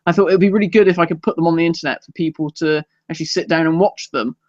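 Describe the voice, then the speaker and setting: A man co-hosting a casual live podcast, rambling and self-deprecating, quick to laugh. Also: a little high, fairly even intonation, no room sound, lo-fi sound. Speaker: podcast co-host.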